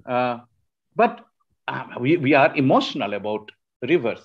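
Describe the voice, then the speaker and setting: A man from Shillong in Northeast India gives an academic lecture over a webinar, hesitating, pausing often, restarting sentences and using fillers. His mid-range voice is very animated, and the online audio sounds muffled.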